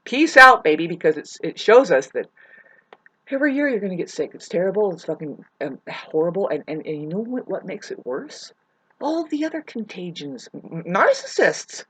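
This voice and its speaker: A woman's voice: on the low side, big pitch swings, normal speed, a bit bright, breathy edge. A woman ranting to her viewers in a loose, profane monologue. She rambles, restarts her sentences and calls her listeners "babe". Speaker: vlogger. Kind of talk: rambling spoken rant to camera.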